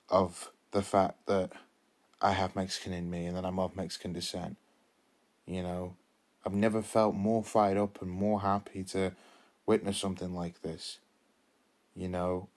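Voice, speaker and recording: A man, talking earnestly in a solo podcast review, often repeating himself and restarting his sentences. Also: low voice. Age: 20s. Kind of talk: impassioned solo monologue.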